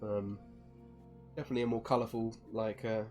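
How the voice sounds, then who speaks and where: A man running a tabletop game as dungeon master, narrating in a relaxed way with many fillers. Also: fairly low pitch, fairly quick, faint music behind.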